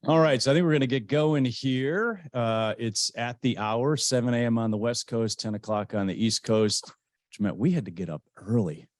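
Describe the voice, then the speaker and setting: A man co-hosting a webinar in casual chat, relaxed and joking, with lots of fillers and restarts over a video call. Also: medium pitch, moderate pace, no room sound. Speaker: webinar co-host.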